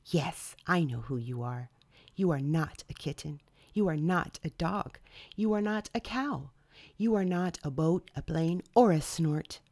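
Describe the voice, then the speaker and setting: A woman voicing a small, eager baby bird who is looking for his mother, in a high, pleading storybook voice. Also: animated, a little slow, darkish tone, dry recording, heavily acted. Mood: relieved.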